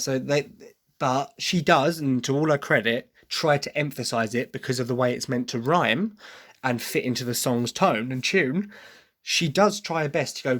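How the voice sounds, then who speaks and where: A man's voice: medium pitch, fairly bright tone. Opinionated English man thinking aloud. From Britain. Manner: opinionated but apologetic, thinking aloud with restarts. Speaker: podcast host. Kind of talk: casual opinion monologue on musical theatre. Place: at a desk with written notes.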